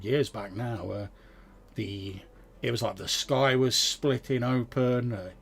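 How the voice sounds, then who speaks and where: A man voicing a wary farmer with a musket, speaking higher and louder, stammering and gravelly. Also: steady tone, takes it slowly, exaggerated voice. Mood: grim. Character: wary middle-aged male farmer with musket.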